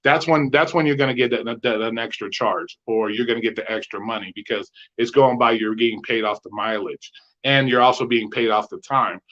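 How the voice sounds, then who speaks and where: A man's voice: medium pitch, fairly quick, fairly bright tone, muffled recording. A man co-hosting a podcast in casual chat, swearing freely as he tells driving stories and acts out both sides of the arguments. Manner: profane storyteller who acts out both sides of quoted arguments. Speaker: podcast co-host.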